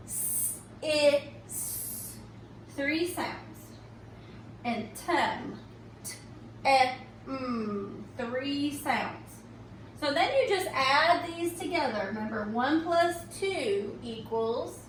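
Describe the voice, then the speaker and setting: In a recorded phonics tutorial, a high-voiced woman teaches reading slowly and patiently, animated and often pausing to check in with "okay?". The mic sits at a distance in an echoey room, and a faint hum runs beneath her speech.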